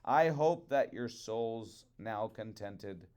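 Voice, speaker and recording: A man voicing a humble, timid old fisherman who pleads in a hurried way in a storybook reading. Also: lowish voice, expressive, darkish tone, clear, resonant tone. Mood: pleading.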